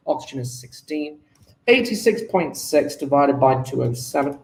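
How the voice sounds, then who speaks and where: Male tutor, high and lively, muttering through problems in an echoey room. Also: unhurried. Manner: thinks aloud, talks to himself while working sums. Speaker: chemistry tutor. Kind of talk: exam paper walkthrough.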